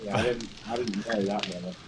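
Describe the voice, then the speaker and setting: A man in a casual chat, speaking haltingly and repeating his words as he gets going. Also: fairly low pitch, fairly even intonation, a little hiss or hum.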